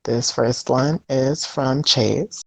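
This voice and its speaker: A woman's voice: very deep voice, slow, a little mellow, dry recording. A woman hosting an exit interview over an online voice call, easygoing and laughing along with her guest. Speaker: host. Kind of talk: interviewer on a voice chat.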